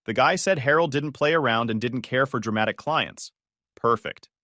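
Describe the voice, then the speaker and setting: A man narrating a first-person story in a calm, measured, matter-of-fact way. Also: mid-range voice, dry recording, clean studio sound.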